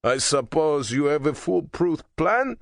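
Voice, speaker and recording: A thick-set, bitter president with a raised, hard-edged voice that growls and spits venom, as a male narrator puts him on. The audiobook reading is dry and close, with lively swings in pitch. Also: a little slow, gravelly, no echo, exaggerated voice. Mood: impatient.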